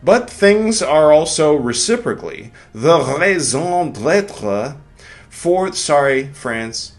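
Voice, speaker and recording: A man hosting a podcast, reading a philosophy text aloud slowly and breaking off for irreverent, joking asides. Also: on the high side, big pitch swings. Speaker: podcast host.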